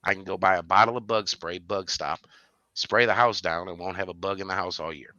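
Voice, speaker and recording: A man co-hosting a podcast, chatting casually and telling stories animatedly, with bursts of high-pitched laughter. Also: fairly even intonation, a little fast, sharp tone, dry recording, highs cut off. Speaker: podcast co-host. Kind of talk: casual chat.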